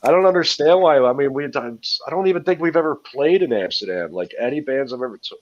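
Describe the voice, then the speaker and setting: A man's voice: on the high side, lively intonation, quick pace, muffled recording. A man guesting on a podcast, telling loose, profane stories that he laughs through. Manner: profane, rambling, laughing often. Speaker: guest touring musician. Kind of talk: casual podcast storytelling.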